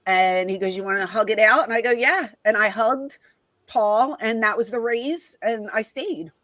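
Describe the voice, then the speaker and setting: Animated woman telling stories in an interview. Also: a little high, moderate pace, dry recording, rough recording. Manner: animated, reenacts conversations with quoted voices. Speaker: guest, former wrestling personality. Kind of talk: casual storytelling in an interview.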